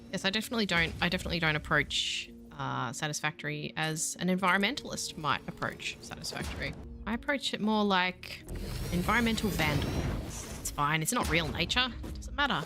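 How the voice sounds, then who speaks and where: Woman, Australian accent, casual let's-play commentary, self-mocking and chatty, fairly low voice. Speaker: streamer.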